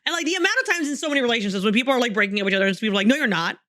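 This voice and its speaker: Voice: mid-range voice, big pitch swings, racing, pushed and bright. A podcast co-host chatting casually about a book, rambling through many fillers and swearing and laughing along the way. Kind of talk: casual book-club chat.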